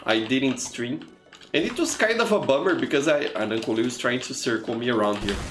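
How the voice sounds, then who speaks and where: A man's voice: mid-range voice, animated, brisk. Chatty man streaming games. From Brazil. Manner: chatty, greets viewers by name, many "you know" fillers. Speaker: streamer and teacher. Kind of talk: casual live-stream chat over gameplay. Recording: echoey room with faint music.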